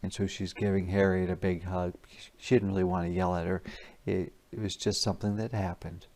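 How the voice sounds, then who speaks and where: A man teacher doing an interactive read-aloud for young children, pausing to ask questions and explain words. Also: low-pitched, level tone, darkish tone.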